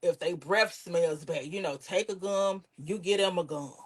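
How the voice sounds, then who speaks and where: Lively woman comic telling stories. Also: on the low side, moderate pace, slightly rough. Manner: lively, swears, acts out relatives' voices. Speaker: comedian guest. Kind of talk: candid storytelling in casual interview.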